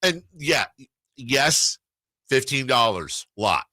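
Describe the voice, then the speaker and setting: A man's voice: mid-range voice, sing-song, slow pace, pushed and bright, no echo. A man hosting a sports radio show, telling a rambling story in casual chat. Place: radio studio.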